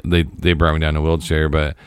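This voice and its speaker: A man in his forties with a very low, smooth, resonant voice, chatting with a friend in a halting way, often trailing off and starting over. The sound is close and dry. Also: completely flat delivery, dry recording. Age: 40s. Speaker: friend, recent hospital patient. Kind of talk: casual chat.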